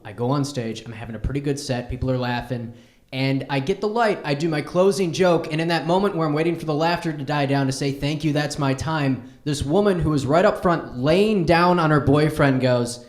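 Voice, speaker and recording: A man's voice: a little high, a little mellow. A young man doing stand-up on a comedy club stage, telling a story and voicing the people in it. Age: young adult. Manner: quick storytelling with voiced quotes of others. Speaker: stand-up comic. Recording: roomy club echo.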